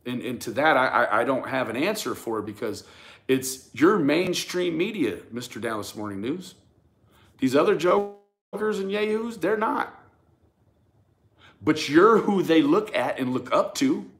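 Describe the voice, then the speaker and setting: A man's voice: fairly high pitch, expressive, a little slow, a bit bright. A man hosting a casual commentary rant for his channel, speaking emphatically, often stammering and repeating words as he addresses viewers and critics directly. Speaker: YouTube true crime commentator.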